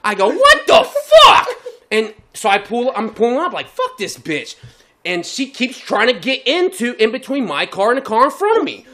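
A man in casual podcast chat, spinning a rant-filled story with profanity in nearly every line. His pitch swings widely as he acts out the tale. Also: a little fast, few pauses. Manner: profane, animated storytelling with heavy swearing. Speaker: podcast co-host.

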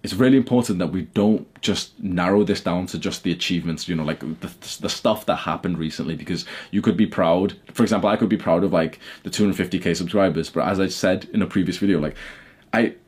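A man's voice: low-pitched, fairly quick, darkish tone, husky. A young man talking to camera from his bedroom, blunt and heated, swearing often as he rants. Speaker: YouTuber. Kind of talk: casual talk to camera.

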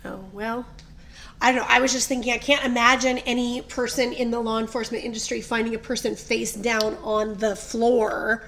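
A woman in her thirties co-hosting a podcast, chatting excitably and gushing. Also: a little high, a little fast, few pauses, a little hiss or hum. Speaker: podcast co-host. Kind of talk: casual chat.

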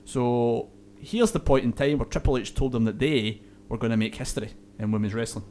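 A man's voice: mid-range voice, a little fast, warm tone, a little hiss or hum. A man hosting a casual podcast, often stumbling over his words and laughing off his slips. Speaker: podcast host.

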